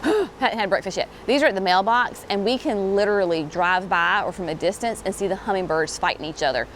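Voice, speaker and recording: A woman's voice: mid-range voice, fairly quick. Woman host, chatty and upbeat, nursery walkthrough, faint outdoor hum behind. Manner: chatty, enthusiastic, says y'all. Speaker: garden center host. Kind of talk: casual walkthrough video.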